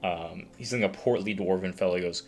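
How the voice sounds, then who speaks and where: A man's voice: sits low, brisk, soft background music. A man narrating a tabletop game as game master, in a casual, rambling way with many fillers.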